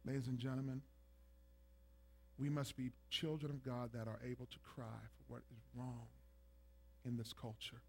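A man preaching a sermon, building to loud, emphatic peaks and acting out scripture scenes. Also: mid-range voice, normal speed, long pauses. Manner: builds from calm to shouting intensity, acts out scripture voices.

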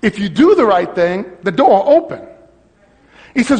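A man pastor preaching a sermon, teaching a congregation and calling out to them, his voice rising to shouts. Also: sits high, huge pitch swings, moderate pace, big-room sound. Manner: call-and-response preaching, swelling to shouts.

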